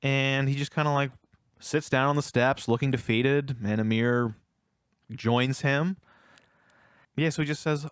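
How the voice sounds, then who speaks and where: A man's voice: medium pitch, steady tone, a little slow, long pauses, clear, resonant tone, no room sound. Man retelling a film, dry close sound. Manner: retells scenes at length, acting out the characters' lines. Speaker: podcast co-host. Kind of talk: casual film review chat.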